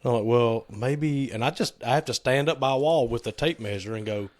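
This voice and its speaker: A man co-hosting a podcast in casual chat, joking and teasing, a little hoarse from yelling over a saw. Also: medium pitch, fairly quick, dry recording. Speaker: podcast co-host.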